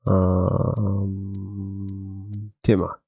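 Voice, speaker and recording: A man's voice: sits low, monotone, drawn-out words, gravelly, dark tone, soft background music, poor audio. A man chatting casually as he plays a farming game, rambling and correcting himself. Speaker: gaming channel host.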